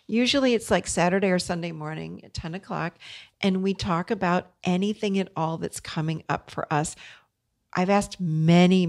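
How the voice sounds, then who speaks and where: Woman podcast host, middle-aged, low-pitched and gravelly, earnest coaching delivery. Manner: earnest, coaching tone, speaks directly to listeners. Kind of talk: solo podcast talk.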